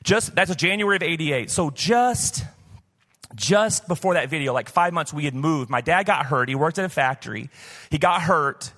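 Storytelling pastor in a reverberant church. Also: male voice, fairly high pitch, animated, normal speed, pushed and bright. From southern United States. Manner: conversational, personal storytelling with many "like" fillers. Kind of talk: sermon. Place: church, recorded live. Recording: live church hall reverb.

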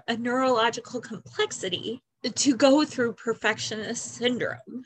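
A woman in her forties hosting a podcast, talking through tears in a halting, earnest personal monologue. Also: a little high. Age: 40s. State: crying. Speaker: podcast host.

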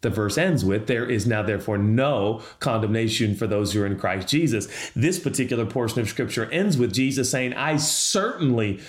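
A man's voice: on the low side, fairly quick, few pauses. A man preaching a sermon as lead pastor, emphatic and building to impassioned appeals. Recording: roomy echo.

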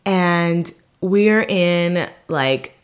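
A woman's voice: fairly low pitch, extremely slow, clean tone. A woman telling a personal story casually, chatty and full of fillers, acting out what people said. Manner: chatty, lots of fillers, quotes people in bursts. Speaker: vlogger.

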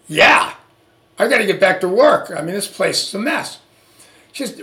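A man hosting a podcast, telling a personal story in an animated way and acting out the dialogue. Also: high-pitched, moderate pace, long pauses, roomy sound. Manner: animated, acts out quoted dialogue. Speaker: podcast host. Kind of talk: storytelling monologue.

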